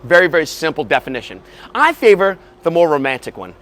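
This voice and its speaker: A man giving a walking tour outdoors, animated, casual and profane. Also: a little high, quick pace. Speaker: tour guide. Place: outdoors on a city street.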